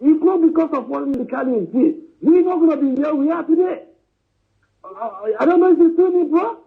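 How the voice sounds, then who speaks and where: A high-voiced man speaks over a thin, tinny phone line. He calls in to a live stream and pushes his argument hard, circling back with "you know" and "understand?" and addressing the host as his brother. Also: brisk, vocal fry. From southeastern Nigeria. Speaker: caller.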